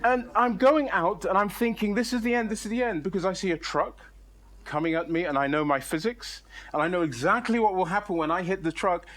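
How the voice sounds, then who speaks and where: A man telling a comic personal story in a playful, self-mocking and animated way, in front of a live audience. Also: high-pitched, brisk.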